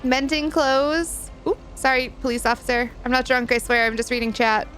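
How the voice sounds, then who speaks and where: A chatty woman streamer talking casually over her game, reading out viewer messages and answering them. Her voice sits a little high, and soft music plays faintly behind her. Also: fairly even intonation, normal speed. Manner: chatty, reads and answers chat, giggles often. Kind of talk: casual live-stream chat while gaming.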